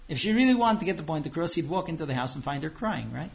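A man with a slightly high voice gives a religious lecture. He explains patiently and earnestly, slipping into acted-out dialogues. The recording is dull and lo-fi. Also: very animated, fast, gravelly. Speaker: religious teacher.

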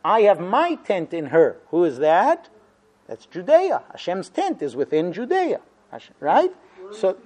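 A man teaching a religious lesson in an earnest explaining way, acting out quoted laments with feeling. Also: sits high.

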